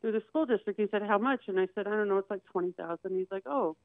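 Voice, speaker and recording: A woman's voice: mid-range voice, fast talker, no room sound. A woman guest on a talk show telling a personal story candidly, acting out the voices of the people in it. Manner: candid, acts out quoted voices. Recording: tinny phone-like dry sound.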